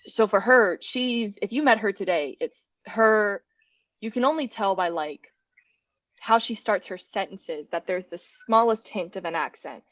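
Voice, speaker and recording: A woman's voice: mid-range voice, a little slow, no echo. Casual podcast guest, woman, chatty storyteller, laughs easily; dry, muffled sound. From United States. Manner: chatty, laughs often while telling stories.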